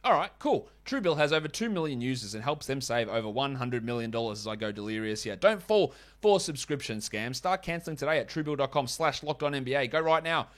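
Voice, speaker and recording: A man's voice: medium pitch, expressive. A man hosting a fantasy basketball podcast, running through stats and ad reads with chatty, wry asides. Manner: chatty, wry asides, quick stat rundowns. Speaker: podcast host.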